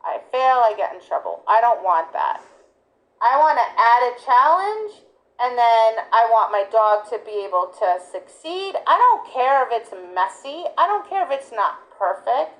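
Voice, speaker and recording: A woman's voice: unhurried, rough recording. A middle-aged woman dog trainer teaching a class in a casual, conversational way, often checking in with "right?" and "guess what?", her voice leaping up when she mimics praise. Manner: lively, jumps high for praise. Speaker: dog sports trainer and instructor.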